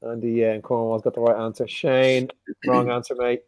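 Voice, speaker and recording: Male quiz host, joking and unhurried, in a dry close sound. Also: medium pitch, level tone, clear, resonant tone, dry recording. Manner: jokey, repeats each question slowly. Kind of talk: casual live quiz hosting.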